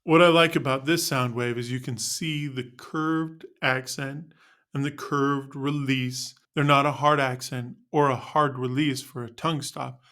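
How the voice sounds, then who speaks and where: A man's voice: medium pitch, fairly even intonation, unhurried, bright, forceful tone. A man teaching band students how to end notes, narrating a scripted lesson in an upbeat, explanatory way.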